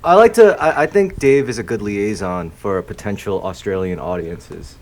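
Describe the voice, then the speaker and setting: A man's voice: lowish voice, animated, moderate pace, darkish tone. A man co-hosting a podcast, making crude jokes and trailing off into hedges. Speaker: podcast co-host. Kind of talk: casual chat.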